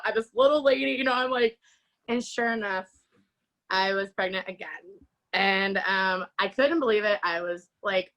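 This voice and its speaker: A woman shares her personal testimony as an interview guest. Her voice sits a little high, and she tells it animatedly, slipping into the voices of the people she quotes and laughing often. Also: normal speed, fairly bright tone, rough recording.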